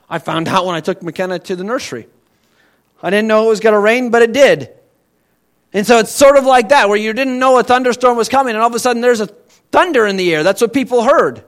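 High-voiced man preaching with emphasis. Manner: emphatic, swings between loud and quiet; conversational, asks the congregation questions. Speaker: pastor. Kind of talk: sermon.

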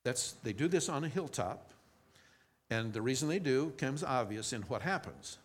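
Man, preacher, scripture reading, conversational sermon, mid-pitched voice, frequent restarts. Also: expressive, normal speed.

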